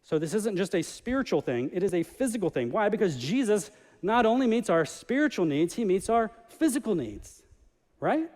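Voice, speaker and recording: Male pastor, high voice, animated sermon delivery, long church reverb. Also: normal speed. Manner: animated preaching, acting out voices in the story. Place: church sanctuary.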